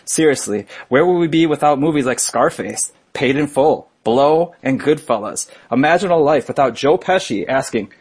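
A man co-hosting a sports podcast, wry and jokey, halting with fillers and restarts. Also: medium pitch, lively intonation, slightly rough. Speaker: podcast co-host. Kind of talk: casual joking chat.

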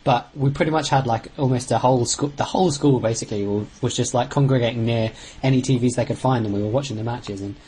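A man co-hosting a podcast, talking football earnestly, pausing on fillers and sometimes venting. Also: medium pitch, dark tone, slight background noise, low-quality recording. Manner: earnest, rambling, with sudden outbursts. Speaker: podcast co-host. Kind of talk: casual football chat.

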